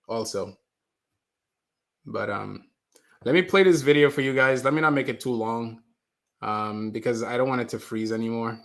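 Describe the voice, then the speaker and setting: Hosting a loose live stream from his mother's basement, a man with an ordinary middle-pitched, slightly bright voice chats with his viewers. He reads their comments aloud and keeps apologizing whenever the stream freezes.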